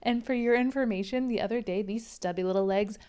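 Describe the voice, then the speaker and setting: A woman's voice: fairly high pitch, fairly quick, a little mellow, clear, resonant tone, lightly acted. A woman reading a small, quippy young heroine from a romance novel aloud with wry, joking lines.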